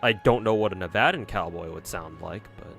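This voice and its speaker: A man's voice: sits low, brisk, vocal fry, over music. A man streaming a game, rambling casually and swearing freely as he reacts. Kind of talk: casual gameplay commentary.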